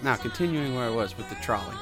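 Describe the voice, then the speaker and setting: Over music, a man co-hosting a podcast tells stories in casual chat, speaking quickly at a medium pitch. He's an animated storyteller who laughs often.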